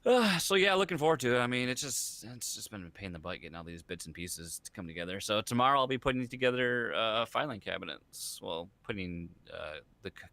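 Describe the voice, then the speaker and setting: A man's voice: lowish voice, animated, a little fast, few pauses, sharp tone, dry recording. A man co-hosting a casual podcast, rambling about his week and trailing off mid-thought. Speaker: podcast co-host. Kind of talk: casual chat.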